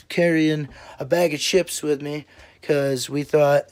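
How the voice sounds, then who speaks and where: A man's voice: on the high side, flat delivery, a little slow, darkish tone, clean tone. A young man telling stories casually to his channel, laid-back and swearing freely, laughing now and then. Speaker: vlogger. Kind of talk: casual storytelling.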